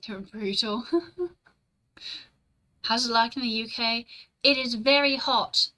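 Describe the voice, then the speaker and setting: Bright-voiced chatty young woman streamer. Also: fairly high pitch, slow pace, low-quality recording. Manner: chatty and rambling, swears casually, laughs often. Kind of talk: casual live-stream chat, reading and answering chat.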